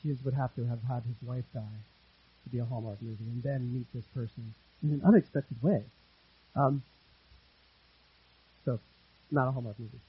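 A man preaching a sermon as pastor, earnest, repeating phrases for emphasis and swinging between loud and hushed delivery. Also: medium pitch, steady tone, moderate pace, long pauses, husky, highs cut off.

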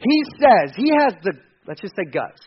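A male pastor preaches in a high voice, in a loose, conversational way. He often restarts and corrects himself and drops in joking asides. The recording sounds dull and lo-fi. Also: very animated, normal speed, slightly rough. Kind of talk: sermon.

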